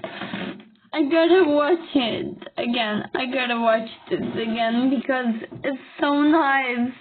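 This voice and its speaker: A woman talking through tears in a reaction video, halting, repeating herself and apologizing. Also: sits high, slight background noise. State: crying. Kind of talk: emotional reaction commentary. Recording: thin phone-like audio.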